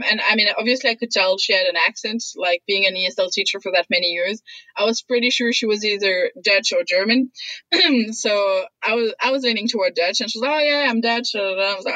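A woman's voice: medium pitch, fast talker, bright, forceful tone, dry recording, lo-fi sound. A woman whose first language is French, chatting as a guest and telling stories with frequent laughter. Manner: chatty storyteller, laughs often. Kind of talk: casual conversation.

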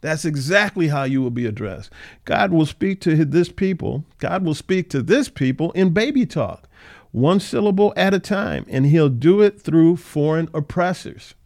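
A man leading an informal Bible study, reading scripture aloud and then explaining it conversationally, with frequent fillers and animated, mocking paraphrases of the people in the text. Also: on the high side, moderate pace. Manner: animated, acts out the scoffers' voices in a mocking tone. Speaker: Bible teacher.

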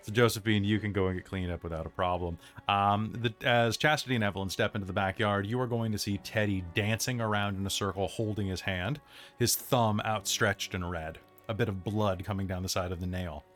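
Low-voiced male game master. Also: fairly even intonation, fairly quick, a bit bright, soft background music. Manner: casual, conversational. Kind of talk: narrating a tabletop game.

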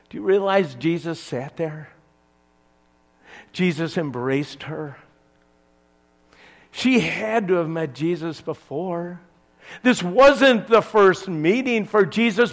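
Man, pastor, sermon; slightly high, very lively pitch, unhurried, swings from loud to hushed. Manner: animated storytelling with big swings between loud and hushed.

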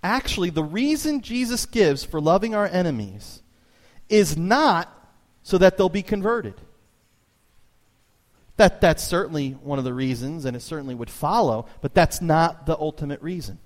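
A man preaching a sermon as pastor, telling stories with lively emphasis and sudden high jumps in his voice. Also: normal speed. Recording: long reverb of a church hall.

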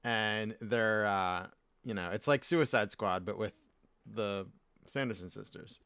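A man from the US East Coast co-hosts a loose podcast chat, cracking jokes and laughing as he wanders off on tangents. His voice has a bright, forward edge. It is recorded dry and close, with no room sound. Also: lowish voice, unhurried, vocal fry, clean tone, no echo. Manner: joking, laughs often, rambling tangents. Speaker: podcast co-host.

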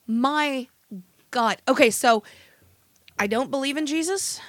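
A woman co-hosting a podcast in casual chat, animated and swearing freely. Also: sits high, slow pace, no echo, clean studio sound. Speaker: podcast co-host.

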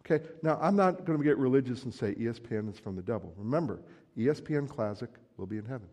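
A man preaching a sermon in a relaxed, conversational way, joking with the congregation and acting out everyday quotes. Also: medium pitch, fast talker, few pauses. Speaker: pastor. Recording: long hall reverb.

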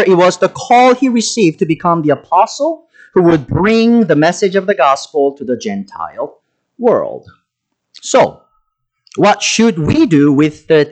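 Man, pastor, sermon, animated intonation, casual fillers and restarts. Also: on the high side, low-quality recording. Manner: lively preaching with many fillers and restarts.

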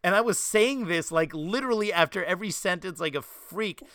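A man hosts a casual conversation, telling stories with energy and slipping into mimicry of accents. His voice is smooth and resonant. The sound is dry and close, with no room around it. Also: high voice, fairly quick, dry recording. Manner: animated storyteller, mimics accents, laughs easily. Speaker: martial arts instructor and podcast host. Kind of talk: casual chat.

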